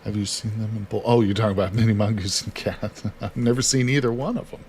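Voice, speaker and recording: A man's voice: on the low side, steady tone, quick pace, a little mellow, slight background noise. A man livestreaming a survival card game, casually talking through each move and chatting with viewers. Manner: chatty, reads chat aloud, talks himself through actions. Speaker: livestream host. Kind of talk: casual gameplay commentary.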